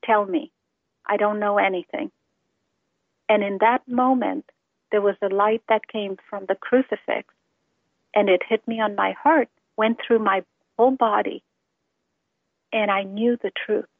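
A woman's voice: medium pitch, gravelly, no room sound. A woman giving an earnest, heartfelt personal testimony about her faith. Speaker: testimony speaker. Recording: tinny phone-line sound, dry.

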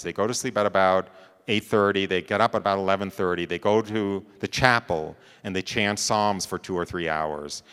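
Speaking in a big room, this man has a low, clear, resonant voice with a touch of brightness. His talk is a conversational personal story, and he regularly asks "right?" or says "you know" to check in with the audience.

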